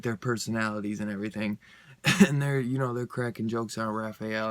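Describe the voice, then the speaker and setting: A man's voice: lowish voice, gravelly. A young man giving a rambling, casual comic book review, full of fillers and laughing often.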